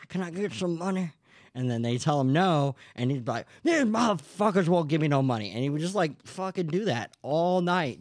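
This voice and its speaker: A young man hosts a podcast and rambles through a story, full of fillers, restarts and swearing. His voice sits a bit low. The sound is dry and close. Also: darkish tone, dry recording. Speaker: podcast host. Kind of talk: casual storytelling chat.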